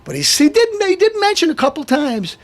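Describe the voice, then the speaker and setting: A man's voice: very high voice, huge pitch swings, a little fast. A middle-aged man hosting his own show, telling an aggrieved story in a rambling, indignant rant full of restarts. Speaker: show host. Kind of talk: ranting monologue.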